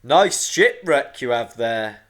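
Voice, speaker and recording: A man voicing a wicked ancient stony island monster in a storybook, booming, slow and snooty. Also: lively intonation, a bit bright. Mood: sneering.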